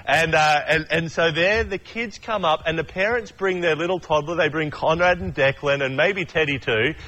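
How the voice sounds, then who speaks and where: A man's voice: on the high side, moderate pace, pushed and bright, dull audio. A young adult man preaching a casual sermon, chatty and storytelling, acting out voices as he goes. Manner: chatty, acts out voices in stories. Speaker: pastor.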